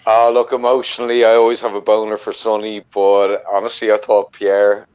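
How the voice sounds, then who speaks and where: A man's voice: fairly low pitch, monotone, normal speed, a little mellow, clean tone, dull audio. A man with a mixed British and Australian accent, bantering and swearing.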